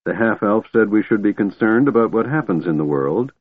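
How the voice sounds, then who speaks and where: A man voicing a grave, earnest sea elf woman who speaks in a measured, formal way. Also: on the low side, lively intonation. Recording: narrow phone-like dry audio.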